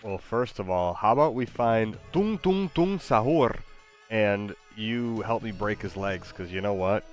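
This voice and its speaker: Hesitant man with a low voice. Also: lively intonation, unhurried, faint music behind. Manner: hesitant, stumbling with fillers. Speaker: user chatting with an AI. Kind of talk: casual chat.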